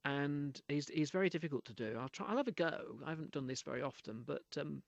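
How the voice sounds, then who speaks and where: A middle-aged man, a guest voice artist in a radio studio, telling anecdotes in an animated way during an interview. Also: a little high, a little fast, creaky, hardly any pauses, no echo, muffled recording.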